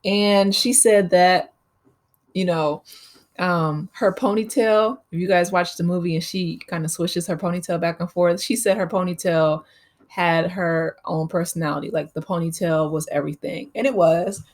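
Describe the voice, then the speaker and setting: Woman, channel host, casual recap, lowish pitch, chatty, laughs a lot. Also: steady tone, moderate pace. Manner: chatty, laughs often, many fillers.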